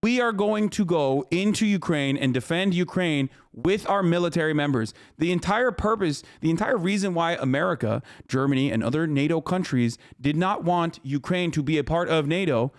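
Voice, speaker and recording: A man's voice: on the high side, animated, moderate pace, hardly any pauses. A man in his thirties streaming a heated, profane political rant to his chat, angry and stumbling over restarts.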